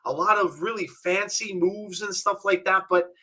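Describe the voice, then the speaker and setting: A man co-hosting a live wrestling watch-along with a very bright, ringing voice pitched a bit high. He runs a casual play-by-play, calling holds and pins, and bursts into shouts when the big moves come. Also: moderate pace. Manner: excitable, calls the action and shouts at big moves.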